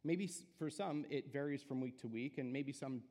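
A young adult man preaches as a guest in a church sanctuary, his medium-pitched voice mellow and at normal speed. He's casual and self-deprecating and uses lots of filler words. The church hall adds a long reverb.

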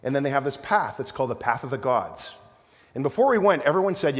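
A middle-aged man pastor telling a rambling, animated story in a sermon, with many restarts. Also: mid-range voice, fast. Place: church sanctuary. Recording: long hall reverb.

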